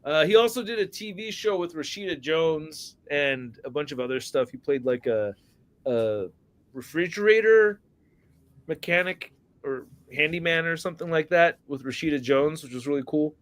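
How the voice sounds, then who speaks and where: A man's voice: fairly high pitch, lively intonation, normal speed, a bit bright. A man hosting a casual action-figure podcast, rambling through stories, laughing often and swearing freely. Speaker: podcast host.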